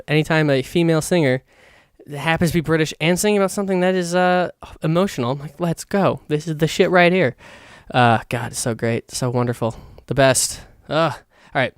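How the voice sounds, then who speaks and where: A young man hosting a solo podcast, rambling excitedly in a casual monologue and swearing a lot. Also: a little high, fast talker, smooth, dry recording, studio quality. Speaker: podcast host.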